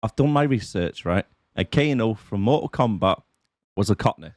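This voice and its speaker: Jokey man with lively pitch. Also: normal speed, dry recording, clean studio sound. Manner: laughs often, jokey, mimics characters. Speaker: podcast co-host. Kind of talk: casual movie review chat.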